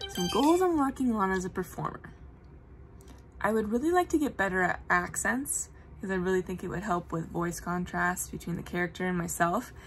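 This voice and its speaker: A woman's voice: on the low side, normal speed, a bit bright, faint music behind. A young adult woman, a puppeteer, telling stories in casual, earnest chat. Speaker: puppeteer guest. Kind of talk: casual chat on a live web show.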